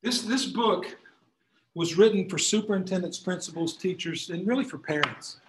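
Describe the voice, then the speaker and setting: A man lectures a class in a room full of people, talking conversationally and often restarting his phrases. His voice sits somewhat high for a man. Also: normal speed, background noise. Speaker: attorney giving a class talk.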